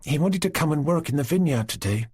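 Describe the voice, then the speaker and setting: A man's voice: on the high side, expressive, fast, husky, no echo, clean studio sound, voice pushed up. A man doing a proud, reserved young Cossack girl. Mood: firm. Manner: quiet, firm, serious.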